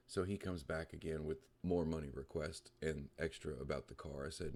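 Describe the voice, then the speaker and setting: A man hosting and narrating a comedy story in a deadpan, sarcastic way. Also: a bass voice, brisk, few pauses. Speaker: host.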